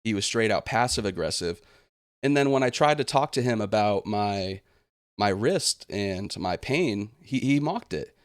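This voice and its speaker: A young gaming channel host with a lowish voice delivers an animated, aggrieved rant at a measured pace straight into the mic. The sound is close and dry with no echo or room around it. He frequently slips into sarcastic, put-on quotes of the people he's complaining about.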